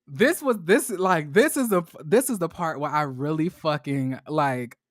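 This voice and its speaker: A man recapping a reality show in a casual, slangy, animated monologue, jumping into high squeals when acting out quotes. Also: a little slow, no echo, clean studio sound.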